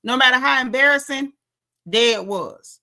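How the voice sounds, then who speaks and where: A woman with a bright, forceful voice pitched slightly high delivers a casual reality TV recap. She gossips in a sassy, slangy way and calls out the cast as she talks. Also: normal speed.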